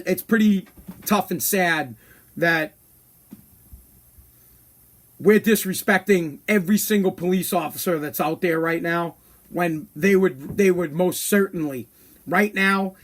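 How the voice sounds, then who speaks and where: A man hosting a podcast, giving a blunt, profane opinion rant. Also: high-pitched. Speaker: podcast host. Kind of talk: casual opinion monologue.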